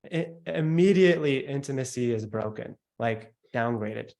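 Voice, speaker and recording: A man teaching a sales workshop, stressing points by slowing down and dropping his voice, and mimicking the noises listeners make. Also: medium pitch, expressive, creaky, a little mellow. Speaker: sales coach.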